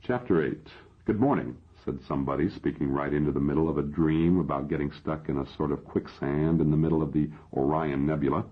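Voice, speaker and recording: A man narrating a science fiction audiobook in the first person, in measured storytelling. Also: extremely low pitch, flat delivery, slightly rough. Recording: dull lo-fi audio.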